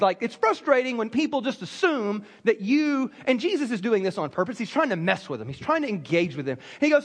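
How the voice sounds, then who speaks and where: A man's voice: very high-pitched, sing-song, fast talker, a bit bright. A man from South Carolina, preaching a sermon to a church congregation with humorous storytelling. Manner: humorous storytelling, acts out quotes. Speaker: pastor. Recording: long reverb of a large hall.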